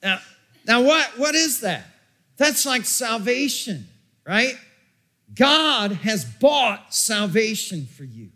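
A man preaching a sermon as pastor, emphatic and repetitive, breaking into shouts. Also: very high voice, sing-song, slow.

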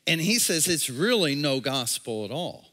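A man's voice: fairly high pitch, big pitch swings, normal speed, sharp tone. A man, the church's pastor, preaching a sermon and reading scripture aloud with casual asides to the congregation. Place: large room, a movie theater used as a church. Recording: long hall reverb.

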